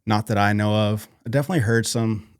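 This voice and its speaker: Man, from North Idaho, podcast guest, halting speech, low pitch, dry close sound. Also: dry recording. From North Idaho, USA. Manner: halting, lots of fillers and restarts. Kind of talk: casual interview conversation.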